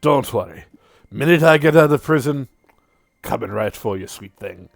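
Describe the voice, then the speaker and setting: A man's voice: medium pitch, expressive, normal speed, gravelly, dry recording, clean studio sound, pitched above the performer's own voice. A man voicing a brash, cruel male cowboy vampire hunter who boasts and threatens. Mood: leering. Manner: boastful, menacing, leering.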